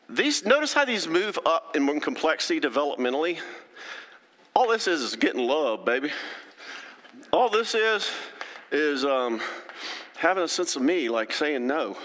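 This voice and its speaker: A middle-aged male therapist gives a folksy, chatty lecture, frequently checking in with his audience. His voice is a little high with a fairly bright tone, and the recording carries a long hall reverb.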